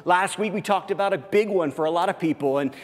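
A male pastor delivering a relaxed, chatty sermon in a large church, his slightly raised voice trailing a long reverb off the walls. He talks informally with lots of little fillers and restarts and slips into playing both sides of everyday conversations. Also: high voice, fast talker. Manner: informal, heavy on fillers, acts out everyday dialogue.

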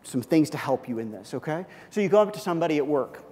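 Animated man preaching in a reverberant hall. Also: a little high, fast talker, a little hiss or hum. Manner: animated, acts out little dialogues, repeats words. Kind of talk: sermon.

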